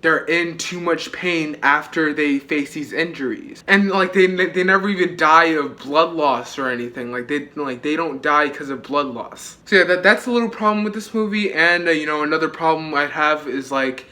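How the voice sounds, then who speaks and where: A man's voice: fairly high pitch, normal speed, hardly any pauses, sharp tone. A young man reviewing a movie in a casual vlog, chatty, with many fillers and frequent swearing.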